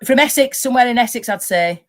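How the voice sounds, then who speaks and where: A woman's voice: a little high, animated, fast. A woman furiously ranting and swearing as a guest on a live stream. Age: adult, married. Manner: furious, swearing heavily, loud outbursts. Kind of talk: angry rant on a live stream.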